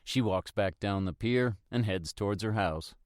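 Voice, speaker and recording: A man narrating a first-person mystery audiobook in a steady, reflective manner. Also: on the low side, normal speed, no echo, studio quality.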